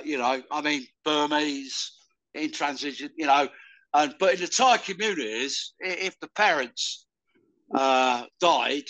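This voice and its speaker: An older man from the UK, talking loudly and rambling in a casual interview. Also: on the high side, low-quality recording. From United Kingdom. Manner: loud, rambling, calls the listener "mate". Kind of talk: casual conversation.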